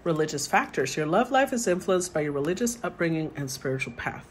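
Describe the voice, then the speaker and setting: A woman's voice: low-pitched, sing-song, a little fast, a little hiss or hum, low-quality recording. A woman tarot reader who reads the card meanings aloud and then muses over them in a casual way.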